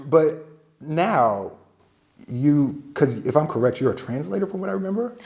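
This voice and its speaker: A man's voice: medium pitch, sing-song, moderate pace, roomy sound. Chatty, rambling male interview host. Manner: chatty, rambling, many restarts. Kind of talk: casual interview conversation.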